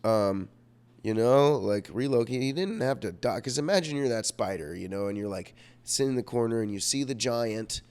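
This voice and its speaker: A man's voice: medium pitch, expressive, moderate pace, a little mellow, clear, resonant tone. A young man telling a rambling personal story in a vlog, profane and self-mocking, full of fillers, and sick. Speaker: vlogger.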